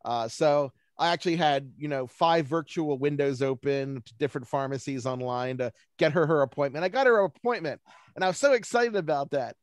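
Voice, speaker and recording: A man's voice: fairly high pitch, no room sound, clean studio sound. Rambling, self-deprecating man on a call. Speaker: guest speaker, baseball forecaster. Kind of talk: casual chat on a video call. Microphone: video call.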